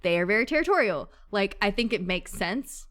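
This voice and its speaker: A woman with a medium-pitched, animated voice talks briskly and a little brightly. She's chatting casually with friends in her book club about a book, gushing, swearing freely and using lots of fillers.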